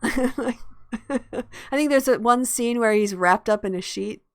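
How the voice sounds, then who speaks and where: A woman's voice: a little high, slow pace, dry recording, clean studio sound. A tired woman hosting a podcast, chatting casually and laughing often. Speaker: podcast host. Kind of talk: casual chat.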